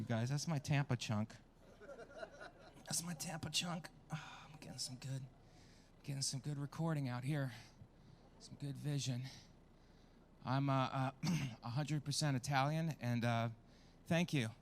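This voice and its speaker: A man's voice: mid-range voice, a little hiss or hum. A man performing a stand-up comedy set with crude, self-mocking crowd work, at a small outdoor show.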